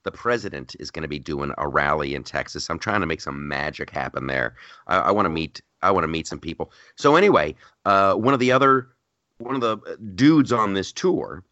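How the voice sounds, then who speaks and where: A man's voice: extremely low pitch, lively intonation, moderate pace, pushed and bright, no echo, lo-fi sound. A man hosting a comedy podcast in casual chat, rambling and joking. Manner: rambling, joking, quotes people in mock voices.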